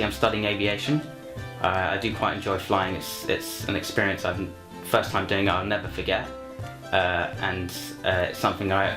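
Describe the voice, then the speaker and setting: Young man, rambling comic storyteller; low-pitched, echoey room, faint music. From London. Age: young adult. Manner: rambling, many fillers and restarts. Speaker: university student, actor. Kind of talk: self-introduction and comic story for a showreel. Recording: roomy echo, faint music.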